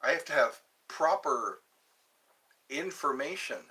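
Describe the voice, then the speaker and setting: Lively, bright-voiced man rambling on a stream. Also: fairly high pitch, slow pace. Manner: rambling, reads viewer questions aloud and answers. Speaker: livestream host. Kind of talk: casual livestream chat.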